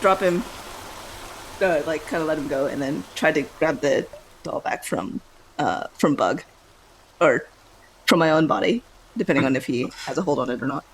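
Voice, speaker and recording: A woman playing a tabletop role-playing game, describing her character's actions in an animated way. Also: normal speed, long pauses, slight background noise, low-quality recording. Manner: animated, jumps into shrill character outbursts. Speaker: player.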